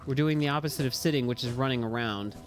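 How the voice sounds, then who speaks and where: A young man streaming a game live, chatting casually, rambling between topics and yelling and swearing at the enemies. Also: mid-range voice, quick pace, slight background noise. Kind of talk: casual live gameplay commentary. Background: game music.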